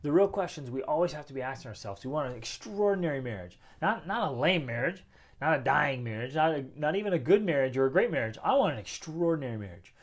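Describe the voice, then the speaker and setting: A man's voice: on the high side, expressive, fast talker. A man in his thirties hosting a motivational talk at home, speaking emphatically and posing rhetorical questions. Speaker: host. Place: home with children playing nearby.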